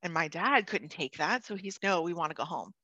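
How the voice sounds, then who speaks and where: A woman's voice: lowish voice, expressive, brisk, bright, forceful tone, no room sound, muffled recording. A woman sharing a personal caregiving story in casual conversation, earnest and emotional, laughing now and then and restarting her sentences.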